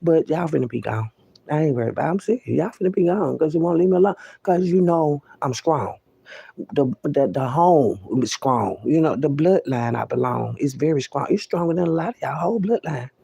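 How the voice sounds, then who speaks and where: A man's voice: a little high, animated, brisk, creaky, warm tone, breathy edge, no echo. A man talking straight to the listener in a casual, profane, emphatic monologue, often repeating himself. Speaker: vlogger.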